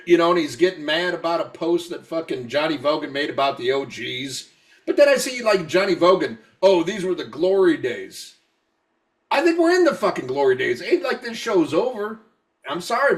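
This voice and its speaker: A drunk man rants on a podcast, swearing constantly and tripping over repeated words as he restarts his sentences. His voice sits fairly high for a man. He is recorded a little far from the microphone. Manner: profane, repetitive, stammering restarts. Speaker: podcast co-host. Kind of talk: casual podcast rant.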